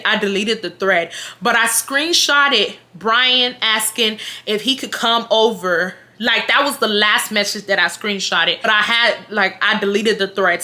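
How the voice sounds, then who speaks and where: A young woman on her vlog recounts a story in a blunt, animated way, swearing freely and turning to her viewers to talk to them. Her voice sits a little high and has a bright, forceful edge. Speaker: vlogger.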